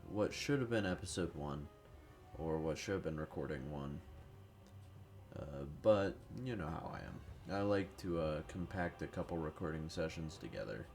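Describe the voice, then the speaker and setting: A man's voice: very deep voice, animated, moderate pace, vocal fry, a little mellow, faint music behind. A man who is sick, giving rambling, profane, casual commentary over strategy gameplay. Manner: rambling, profane, self-deprecating. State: sick with a cold. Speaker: gaming youtuber.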